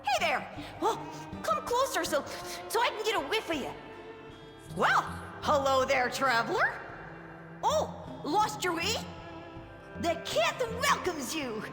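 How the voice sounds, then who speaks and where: A very high, bouncy voice for a playful rat-folk woman who giggles and sniffs at every traveler. The lines are unhurried and ring in a big echoing hall, with music underneath. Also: huge pitch swings, heavily acted. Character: friendly, giggly female rat-like creature who sniffs strangers. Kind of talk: video game character dialogue. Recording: reverberant game audio with music.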